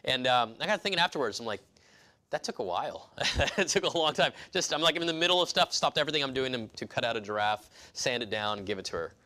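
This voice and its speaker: Bright-voiced male pastor preaching. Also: medium pitch, expressive, quick pace. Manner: conversational preaching, rising to emphatic peaks. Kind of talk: sermon.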